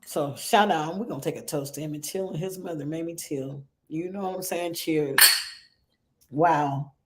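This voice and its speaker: A woman's voice: low-pitched, normal speed, noisy background. A middle-aged woman hosting a support group for grieving mothers, telling a story in an earnest, emotional way and often checking in with "right?" and "okay?".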